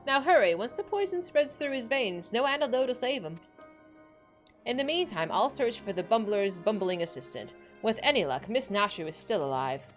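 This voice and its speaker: A woman doing a fierce, scolding mother with a put-on Scottish accent. She sounds bossy and brisk, with a bright voice that swings up and down a lot and the odd high jump. Faint music plays in the background. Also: big pitch swings.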